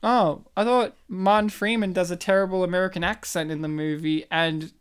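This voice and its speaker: A podcast co-host chatting casually with a friend. The voice is smooth and clear. The talk is full of jokes, teasing jabs and swearing. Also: medium pitch, steady tone, normal speed. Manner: joking, profane, teasing. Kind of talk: casual chat.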